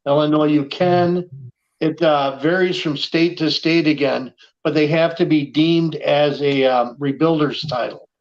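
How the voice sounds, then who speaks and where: A man's voice: fairly high pitch, steady tone, measured pace, dull audio. A man in casual chat, explaining things in a matter-of-fact way.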